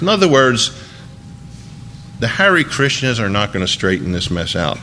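A man's voice: mid-range voice, big pitch swings, moderate pace, bright, forceful tone, slight background noise. A man preaching a sermon as a pastor, in a conversational, folksy way with emphatic asides.

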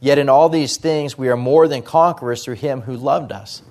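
A pastor preaching a sermon in church, talking through scripture in a conversational way with rhetorical questions. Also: male voice, medium pitch, normal speed, a little mellow.

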